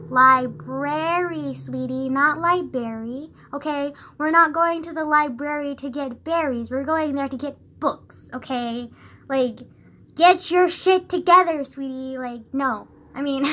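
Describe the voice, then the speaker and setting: A woman's voice: high voice, bright, forceful tone, slight background noise. A young woman vlogging from her bedroom into a phone camera, chatting in a loose, rambling way, filling nearly every phrase with "like" and laughing often. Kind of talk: casual rambling chat to camera.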